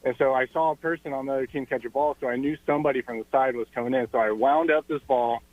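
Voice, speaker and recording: A man calling into a radio show, telling a story in a plain, steady way. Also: medium pitch, very fast. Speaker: caller. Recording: tinny phone line.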